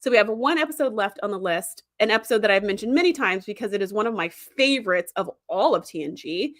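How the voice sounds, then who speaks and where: A woman's voice: medium pitch, animated, a bit bright, dry recording, studio quality. A woman hosting a podcast, chatting enthusiastically about a TV series and reading out live chat comments. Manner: chatty and enthusiastic, with frequent fillers and quick asides. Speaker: podcast host.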